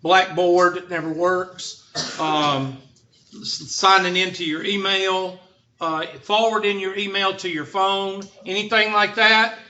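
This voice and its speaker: A man's voice: high-pitched, fairly even intonation, slow, sharp tone. A man teaching a math class, joking and sarcastic as he lectures. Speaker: math instructor. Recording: dull lo-fi classroom recording with faint noise.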